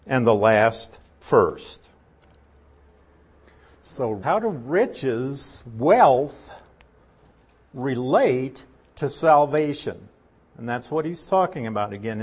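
A man's voice: medium pitch, husky. A man preaching a sermon, reading a scripture passage aloud and then explaining it verse by verse. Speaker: pastor.

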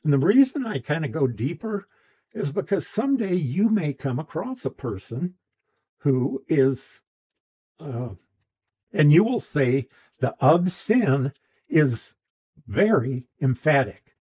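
A man's voice: a little high, big pitch swings, takes it slowly, mellow, slightly rough, rough recording. A man teaching a Bible class, explaining a verse's grammar patiently with restarts and asides.

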